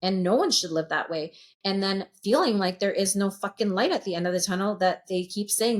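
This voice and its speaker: A sound healer in her late thirties, appearing as a podcast guest, tells her story openly and earnestly while swearing freely. Her voice is mid-range and fairly quick in this candid conversation.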